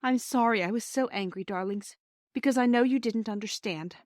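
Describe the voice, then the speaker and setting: A woman voicing a gentle but firm mother who speaks softly and low. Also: moderate pace, no echo, clean studio sound, lightly acted.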